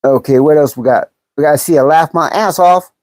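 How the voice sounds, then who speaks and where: A woman in her fifties in California hosts a livestream, her deep, slightly mellow voice fairly quick with no room sound. She chats bluntly and jokingly, reading viewer comments aloud and laughing often.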